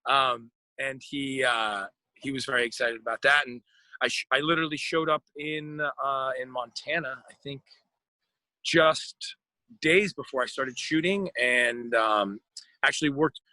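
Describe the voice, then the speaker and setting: An American actor chatting casually in an interview, rambling with lots of fillers and restarts. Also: male voice, mid-range voice, a little slow, pushed and bright, dry recording, rough recording. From United States.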